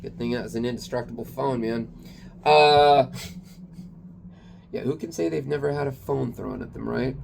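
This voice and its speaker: A man's voice: mid-range voice, moderate pace, vocal fry, long pauses, darkish tone, a little hiss or hum. A man rambling through a confessional personal story in a casual, loose way, with lots of fillers and some swearing. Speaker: kratom vendor and channel owner.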